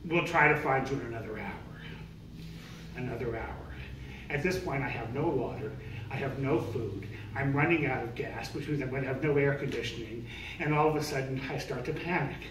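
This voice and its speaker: An older man telling a comic story live on stage, animated and self-mocking, acting out voices. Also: mid-range voice, brisk. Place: live event venue on stage. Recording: echoey room, distant, noisy.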